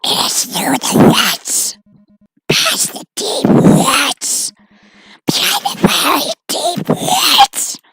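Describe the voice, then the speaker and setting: A woman voicing a ravenous creepy bog creature on a phone call, in a slow, breathy, unhinged way. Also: high-pitched, wildly swooping pitch, noisy background, voice pushed up, heavily acted. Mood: menacing hunger.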